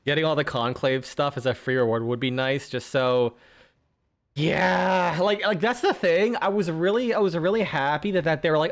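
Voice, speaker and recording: A man's voice: on the high side, moderate pace. A young man streaming a game and chatting casually, rambling with frequent restarts and plenty of swearing. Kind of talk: casual gaming chat.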